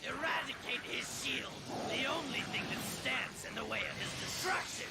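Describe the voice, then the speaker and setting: A sneering cartoon villain, shouting his threats in a strained, very high voice that swoops up and down. The delivery is gravelly and cruel, with loud dramatic music underneath. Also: expressive, moderate pace, very noisy, exaggerated voice. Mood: gloating. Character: menacing young male cartoon villain, gloating and cruel. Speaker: villain in a dubbed cartoon clip.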